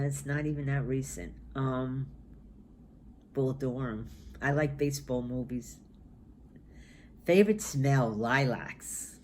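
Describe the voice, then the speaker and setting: Slow-talking woman in her sixties. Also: very deep voice, darkish tone, a little hiss or hum. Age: 60s. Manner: rambling, musing aloud. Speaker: knitting vlogger. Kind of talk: casual chat.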